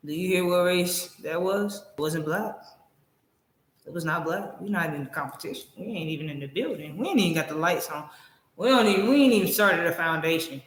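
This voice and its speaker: A man giving casual reaction commentary in a loud, animated, slangy way, laughing often. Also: on the high side, brisk, reverberant. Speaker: reaction video host.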